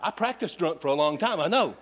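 A man's voice: on the high side, expressive, brisk, fairly bright tone. A middle-aged man preaching a sermon as pastor, telling folksy, humorous stories.

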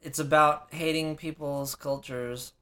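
A man on a podcast who speaks slowly, with a slightly high pitch. He delivers his jokes in a dry, deadpan way. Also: a crowd in the background. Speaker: podcast guest. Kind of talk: casual chat.

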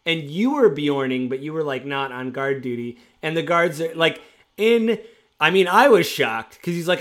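A man's voice: fairly high pitch, normal speed. Man animatedly retelling old game stories. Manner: animated retelling, acts out players' quotes. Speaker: former game master. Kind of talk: casual storytelling chat.

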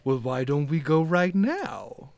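A man's voice: a little high, big pitch swings, takes it slowly, darkish tone, dry recording, full character voice. A man voicing an older woman who runs a records room, sweetly polite on the surface but shrewd and probing. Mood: sly. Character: older woman records clerk, sly and guarded.

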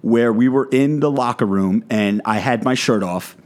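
A man's voice: medium pitch, normal speed. A man, a fitness content creator, delivering a blunt, profane rant in a vlog monologue.

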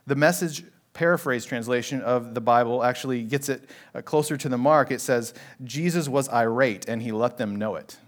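A man's voice: medium pitch, moderate pace, few pauses. A male pastor preaching an expository sermon in an earnest, conversational way, with casual asides to the congregation.

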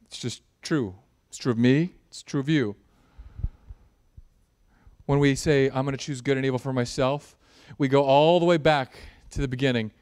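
A man preaching a sermon, animated and jokey, building in intensity at times. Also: medium pitch, normal speed, clear, resonant tone. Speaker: pastor.

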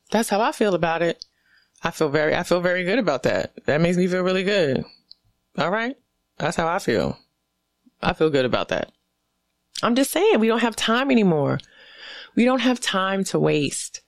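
A woman from the US East Coast hosting a casual solo podcast, riffing in an animated, profane, sarcastic way. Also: on the low side, moderate pace, no echo, clean studio sound. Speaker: podcast host.

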